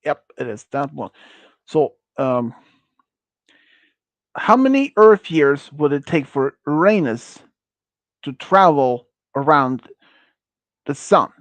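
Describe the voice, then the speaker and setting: A man's voice: on the high side, sing-song, slow pace, long pauses, no room sound. A man hosting a casual quiz on a stream, reading out questions and answers with many fillers, restarts and awkward phrasing. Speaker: quiz host.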